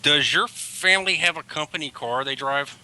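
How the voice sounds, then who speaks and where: A man's voice: on the high side, moderate pace, bright, forceful tone. A man who drives a school bus, telling rambling stories in a casual livestream chat and correcting himself as he goes. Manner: rambling, self-correcting anecdotes.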